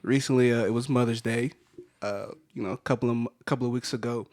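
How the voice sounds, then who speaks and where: A man co-hosting a podcast, rambling excitedly and mimicking his family in high voices. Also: quick pace. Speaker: podcast co-host. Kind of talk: casual chat, storytelling.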